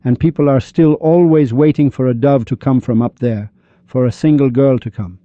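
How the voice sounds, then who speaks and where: A man's voice: medium pitch, normal speed, no echo, highs cut off. A man hosting a podcast, delivering a preachy monologue full of rhetorical questions. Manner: preachy, rhetorical, mock-shouting quoted crowds. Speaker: podcast host.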